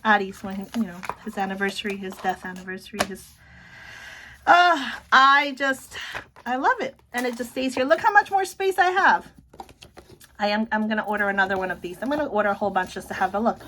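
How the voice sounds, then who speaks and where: A middle-aged woman chatting casually about her planner, excitable, often breaking off to say look. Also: mid-range voice, a little fast, slight background noise. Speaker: planner vlogger. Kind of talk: casual show-and-tell chat.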